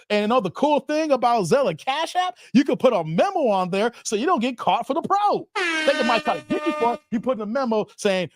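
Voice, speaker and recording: A man's voice: extremely high pitch, sing-song, fast talker, no echo, clean studio sound. A man hosting a livestream, reading chat comments aloud in casual slangy banter and laughing often.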